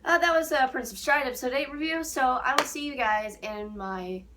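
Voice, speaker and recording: A young woman casually reviewing an anime episode, excitable and gushing, with squeals and giggles. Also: high voice, normal speed, background noise.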